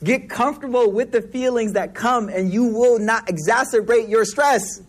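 A man gives a casual, animated sermon full of slang and storytelling. His voice sits high for a man and has a husky, breathy grain. He talks the way he would to friends. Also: moderate pace. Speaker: preacher.

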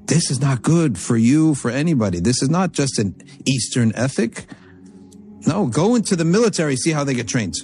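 A man giving a religious lecture, telling a story from Arabic texts and explaining it in English with animated, emphatic delivery. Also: mid-range voice, normal speed. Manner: emphatic, repeats phrases for stress. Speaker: Islamic teacher.

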